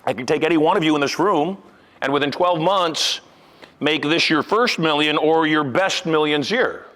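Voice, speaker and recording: At a moderate pace, an older hypnotist and motivational speaker talks to a live audience in a large event room. His animated delivery is punchy, moving between loud, emphatic lines and low asides.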